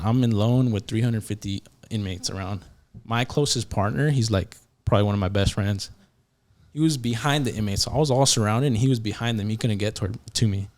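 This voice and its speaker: A man, a podcast guest and former prison yard officer, telling a story casually with lots of fillers and restarts and acting out quotes. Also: on the low side. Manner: animated, acts out quotes, many fillers and restarts.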